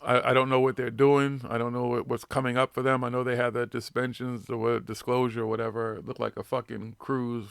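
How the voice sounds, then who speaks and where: A man's voice: mid-range voice, flat delivery, brisk, creaky, few pauses, clear, resonant tone, no echo. A man with a Boston accent hosting a live radio show, rambling and swearing constantly in brash, casual chat. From Boston, USA.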